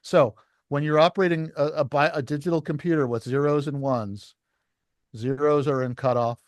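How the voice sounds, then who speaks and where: A man's voice: on the high side, steady tone, moderate pace, dry recording, studio quality. A man teaching a licensing class, explaining step by step at a whiteboard and asking the students questions.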